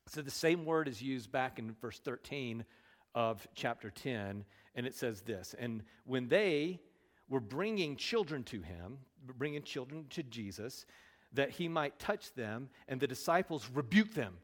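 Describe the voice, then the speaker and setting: Male pastor, mid-pitched, animated sermon delivery with lots of rhetorical questions, long hall reverb.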